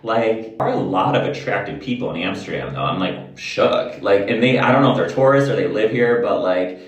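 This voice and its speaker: A man's voice: lowish voice, lively intonation, fairly quick, dull audio. A man vlogging in a candid, rambling way, swearing freely as he chats to the camera. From United States. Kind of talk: casual chat to camera. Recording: roomy, mic at a distance.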